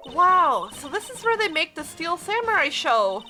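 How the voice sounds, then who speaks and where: A woman voicing a peppy, excitable young female sidekick who talks eagerly. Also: very high voice, normal speed, soft background music, voice pushed up, heavily acted. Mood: excited. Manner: bubbly and eager.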